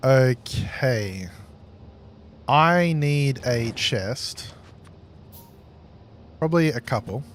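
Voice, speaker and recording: A man streaming a game, chatting casually with viewers in a slow, calm voice that he pitches from the chest. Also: slight background noise. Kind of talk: casual live-stream chat.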